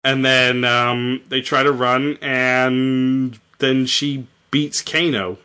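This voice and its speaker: A man's voice: medium pitch, level tone, takes it slowly, sharp tone, smooth. A man casually retelling a video game story, rambling and jokey with lots of fillers. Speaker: storyteller host.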